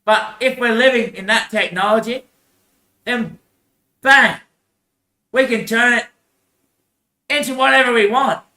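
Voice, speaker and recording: A man's voice: extremely high pitch, measured pace, pauses often, bright, forceful tone, reverberant. A man in a rambling monologue, repeating himself, swearing and laughing often.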